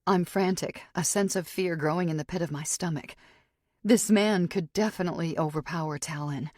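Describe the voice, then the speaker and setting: A woman's voice: low-pitched, normal speed, darkish tone, no echo, clean studio sound. A woman reading a psychological thriller audiobook in the first person, with tense, suspenseful storytelling. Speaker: audiobook narrator.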